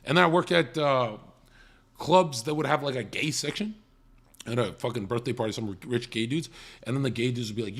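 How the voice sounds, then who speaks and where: A man's voice: mid-range voice, a little fast. A young man telling profane stories in casual stream chat, often mocking people in quoted voices.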